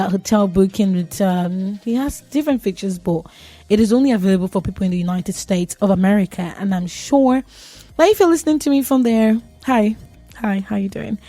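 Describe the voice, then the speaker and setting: A woman's voice: mid-range voice, warm tone, no room sound. Chatty woman radio host. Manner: chatty, joking, laughs at herself. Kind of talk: casual tech talk on radio.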